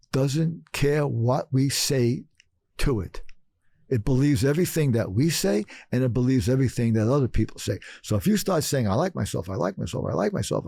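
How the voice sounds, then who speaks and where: A man's voice: mid-range voice, vocal fry, mellow, breathy edge, no room sound. An older man from Brooklyn, telling stories emphatically as a podcast guest and repeating phrases for effect. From Brooklyn, New York. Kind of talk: storytelling interview talk.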